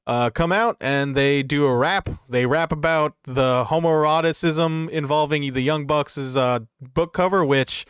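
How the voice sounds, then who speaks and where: A man's voice: a little high, measured pace, hardly any pauses, a bit bright, smooth, no room sound, studio quality. A man co-hosting a wrestling review podcast, recapping matches in a rambling, profane, casual way. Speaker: podcast co-host.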